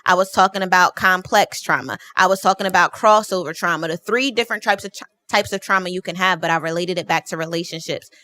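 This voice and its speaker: A woman's voice: on the low side, fast, few pauses, bright, forceful tone. A woman from New Jersey, a podcast guest in a studio, chatting casually and often laughing as she talks.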